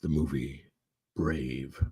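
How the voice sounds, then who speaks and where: A man's voice: extremely low pitch, steady tone, takes it slowly, a little mellow, husky, no echo. A man hosting a casual livestream, chatting with his viewers and rambling between news stories. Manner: chatty, rambling, reads news aloud to chat. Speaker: livestream host.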